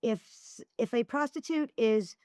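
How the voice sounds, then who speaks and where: A woman's voice: on the high side, unhurried, smooth, no room sound, clean studio sound. A woman guest on a podcast, chatting casually and acting out the dialogue as she tells stories. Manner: animated storyteller who acts out dialogue. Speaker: podcast guest, former swingers event host.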